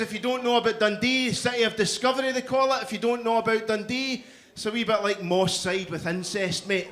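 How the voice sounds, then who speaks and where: A middle-aged man with a Glaswegian accent, performing a stand-up comedy set on a club stage, with loud, punchy crowd work. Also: sits high. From Scotland. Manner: loud, punchy crowd work with frequent "you know what I mean".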